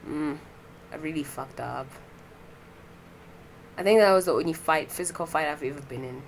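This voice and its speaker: Young woman, low-pitched, casual podcast monologue, profane, rambling with fillers. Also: moderate pace, a little hiss or hum, low-quality recording. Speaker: podcast host.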